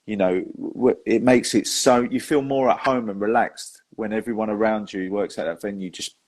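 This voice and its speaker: A young man hosts a casual podcast chat in a fairly low voice. He tells stories in a loose, chatty way, laughing often and calling his guest "mate". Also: steady tone, moderate pace, a little mellow. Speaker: host and magician.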